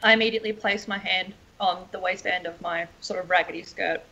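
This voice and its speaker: A woman playing a tabletop game, speaking for her character in quick, eager replies. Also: lowish voice, steady tone, creaky, sharp tone, lo-fi sound. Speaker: player. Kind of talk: tabletop role-play.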